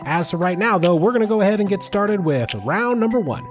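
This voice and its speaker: A man's voice: sits high, animated, a little fast, loud music behind the voice. A man co-hosting a sports podcast, chatting casually and joking, with frequent restarts. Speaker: podcast co-host.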